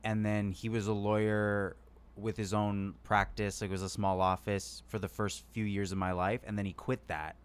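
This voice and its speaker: A man co-hosting a comedy podcast, telling stories in an animated way and acting out what others said. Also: lowish voice, moderate pace, clean tone. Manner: animated storyteller, acts out quotes loudly. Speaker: podcast co-host. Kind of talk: casual comedic storytelling.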